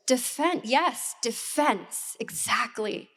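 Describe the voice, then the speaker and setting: A woman in her forties, an assistant pastor preaching a sermon in a church hall, candid and personal, with reflective pauses. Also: fairly high pitch.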